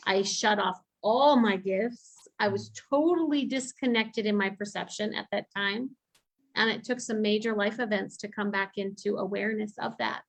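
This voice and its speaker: A woman's voice: mid-range voice, low-quality recording. Earnest woman talking candidly. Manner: earnest and candid about her beliefs. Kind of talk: casual chat.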